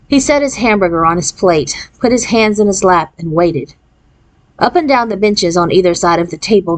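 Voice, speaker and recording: A woman narrating a children's novel aloud in a clear, steady storytelling manner. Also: on the low side. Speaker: reader.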